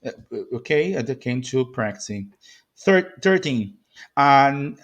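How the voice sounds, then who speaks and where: A man with a Brazilian Portuguese accent teaching English pronunciation. He repeats short model phrases slowly with exaggerated stress and slips into Portuguese asides. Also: medium pitch, lively intonation.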